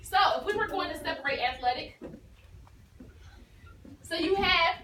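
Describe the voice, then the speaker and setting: Woman teacher, high voice, patient and encouraging, echoey classroom, distant noisy camera recording. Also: moderate pace, bright, forceful tone. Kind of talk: classroom phonics lesson. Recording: echoey room from far off with noise.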